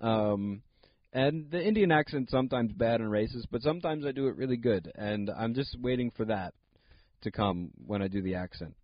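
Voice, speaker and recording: A man's voice: medium pitch, moderate pace, no room sound. A young man hosting a solo comedy podcast, telling a rambling story full of fillers and asides. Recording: dull lo-fi dry sound.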